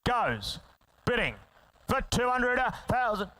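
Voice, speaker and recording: Aussie auctioneer guy, high bright clear voice, rattles off bids super fast with cheeky asides. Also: sing-song, no room sound, rough recording. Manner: rattling fast bid calls with quick asides to bidders. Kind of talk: rapid auction chant. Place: sale ring.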